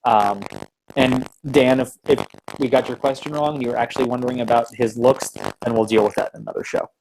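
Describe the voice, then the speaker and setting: A man hosts a casual sports podcast, rambling with fillers and restarts, heard through a home computer mic on an online call with background noise. His mid-range voice is fairly even in intonation and a little fast.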